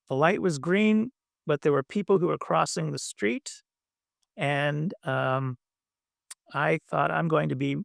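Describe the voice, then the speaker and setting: Meditation teacher, male, gravelly voice, gentle halting delivery, dry close sound. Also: fairly high pitch, dry recording. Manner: gentle, halting, many fillers. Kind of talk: dharma talk.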